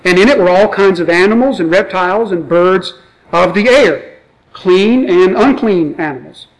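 Reading a passage of scripture and then talking through it casually with rhetorical questions, this pastor preaches an expository sermon. His voice is high and his speed normal, captured on a low-quality recording.

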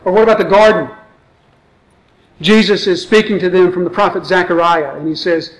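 This pastor speaks in a high-pitched voice with fairly even intonation at normal speed, leaving long pauses. His expository sermon has him reading scripture aloud and then explaining it in a conversational manner with rhetorical questions. The recording quality is low.

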